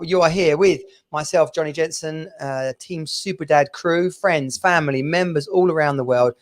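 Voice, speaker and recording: A man's voice: on the high side, moderate pace, hardly any pauses. A man from England hosting a podcast over a video call, chatting in a bouncy, laughing way. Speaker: podcast host. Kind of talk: casual chat.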